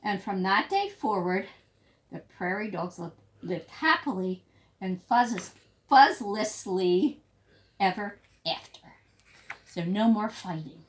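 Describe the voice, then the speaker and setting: A woman's voice: mid-range voice, expressive, slow pace, a little hiss or hum. A woman teacher reading a children's story aloud, adding casual explanations between the lines.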